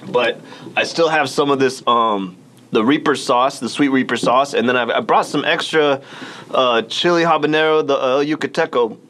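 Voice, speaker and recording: A man's voice: mid-range voice, normal speed, a bit bright. A man hosting a casual radio chat while eating hot wings, laughing often and strained by the heat. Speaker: radio show host. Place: radio studio.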